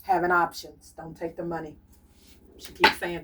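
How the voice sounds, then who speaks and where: A woman giving a channeled tarot reading as a medium, speaking softly and repeating her urgings insistently to her audience. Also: fairly low pitch, level tone, moderate pace, distant mic, very noisy.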